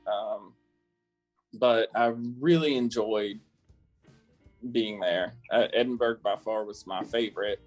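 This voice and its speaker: A man from South Carolina, a guest in a casual interview, talking chattily with lots of fillers and laughs. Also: mid-range voice. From South Carolina, USA.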